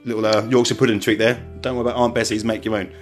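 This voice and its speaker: A man's voice: on the low side, little pitch movement, rapid-fire, soft background music. A man hosting a podcast in a casual, rambling way, restarting his sentences often and keeping the interview moving. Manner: chatty and rambling, many restarts. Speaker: podcast host.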